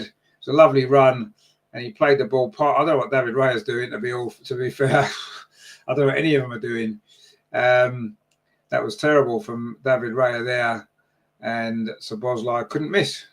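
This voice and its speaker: A man's voice: medium pitch, steady tone, normal speed. A man giving live fan-channel football commentary, chatty and partisan, his voice jumping up when chances come.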